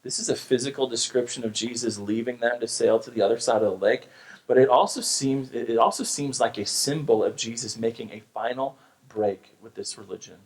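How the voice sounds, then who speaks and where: An American pastor delivers a sermon with an earnest, emphatic voice of ordinary, mid-range pitch. He presses his points hard and often restarts a phrase before pushing on. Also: brisk, rough recording. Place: church sanctuary.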